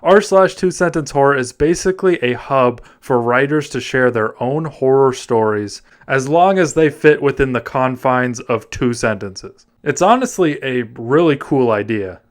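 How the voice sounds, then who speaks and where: A man's voice: medium pitch, expressive, normal speed. Casual, laughing young man reading aloud. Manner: casual, swearing, laughing at what he reads. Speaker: host. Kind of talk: comedic story reading.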